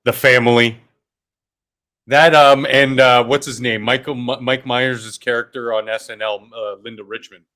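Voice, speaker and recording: A man's voice: medium pitch, fairly even intonation, moderate pace, sharp tone. A man on a podcast panel, chatting casually and cracking jokes. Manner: joking, wisecracking. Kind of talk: casual chat.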